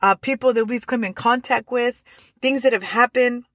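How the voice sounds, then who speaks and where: A woman's voice: fairly high pitch, fairly even intonation, normal speed, fairly bright tone, no room sound. Earnest woman hosting a faith talk. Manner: earnest, repeats herself with many restarts. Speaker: podcast host. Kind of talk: faith-based motivational talk.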